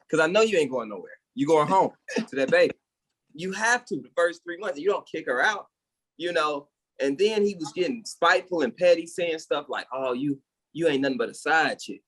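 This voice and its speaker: An opinionated man rants on a casual podcast, his voice sitting a bit higher than usual for a man. He gets heated and fired up, then laughs at his own jokes. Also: a bit bright, breathy edge. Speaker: podcast co-host.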